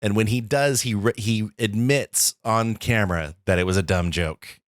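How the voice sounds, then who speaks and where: Guy with a lowish voice, dry close mic, excited movie podcast chatter, laughs a lot. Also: normal speed, no echo. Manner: enthusiastic, laughs often, acts out quotes. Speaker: podcast co-host. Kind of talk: casual movie chat.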